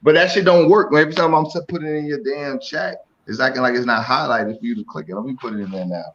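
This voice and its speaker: A man chatting casually about hip hop on a remote call, profane, loud and repetitive. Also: mid-range voice, fast talker, highs cut off. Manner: profane, loud and repetitive, ends lines with slang tags. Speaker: guest on a hip hop talk stream.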